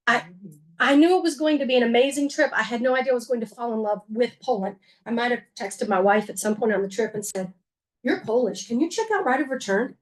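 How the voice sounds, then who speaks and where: A woman giving a slideshow talk to an audience, conversational and earnest, with wry humor and frequent fillers and self-corrections. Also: sits high. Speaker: museum executive director giving a talk.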